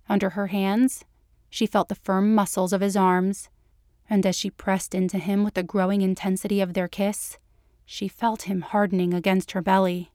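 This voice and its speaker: A woman narrates a story in a smooth, even manner. Her pitch sits in the middle and the recording is close and dry. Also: no echo. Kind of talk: audiobook narration.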